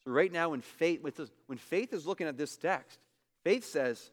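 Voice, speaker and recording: Emphatic pastor preaching in a hall. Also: male voice, fairly high pitch, expressive, normal speed. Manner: emphatic, repeats phrases, swings between loud and hushed. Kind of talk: sermon.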